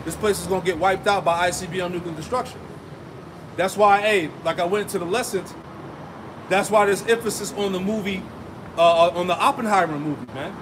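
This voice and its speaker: Emphatic male street preacher, high pitch, outdoor traffic noise behind him. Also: fairly quick. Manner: emphatic, asks rhetorical "right?" and "man" often. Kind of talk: street sermon with scripture reading.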